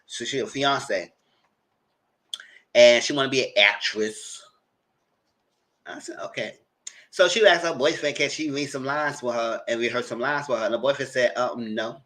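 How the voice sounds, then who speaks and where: A man giving casual, chatty recap commentary on a reality show, often jumping into a high voice to mimic people. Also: normal speed, pauses often. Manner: chatty, animated, mock-quotes people in a high voice. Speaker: TV recap host.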